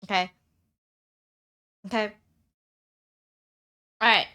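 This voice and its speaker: A young woman streamer chatting casually with her viewers. She has a high-pitched voice that turns squeaky at times, rambles, and repeats herself with plenty of fillers. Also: steady tone, drawn-out words, sharp tone.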